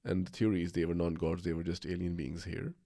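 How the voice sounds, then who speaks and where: Man, low gravelly voice, mellow tone, dry close sound, casual rambling chat. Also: level tone, fast talker, dry recording. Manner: rambling, enthusiastic, with fillers and restarts. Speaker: podcast co-host. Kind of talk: casual conversation.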